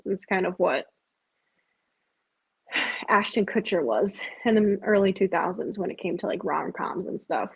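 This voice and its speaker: A woman casually chatting her way through a live watch of a football game, filling her talk with "like" and breaking into loud disbelief at big plays. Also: mid-range voice, a little slow, vocal fry, long pauses, breathy edge. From US Midwest. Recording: dull lo-fi sound.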